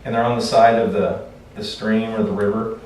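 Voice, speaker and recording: A man's voice: on the low side, level tone, moderate pace, a little mellow. Man teaching a class in an echoey room. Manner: conversational, repeats words when restarting. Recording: echoey room, far from mic, faint noise.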